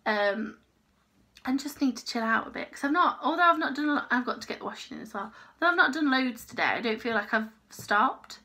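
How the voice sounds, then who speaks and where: Chatty woman vlogger, bright higher voice, rambling home chat. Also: animated, a little fast. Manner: rambling, chatty, talks to her dog. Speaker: crochet vlogger. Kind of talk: casual chat.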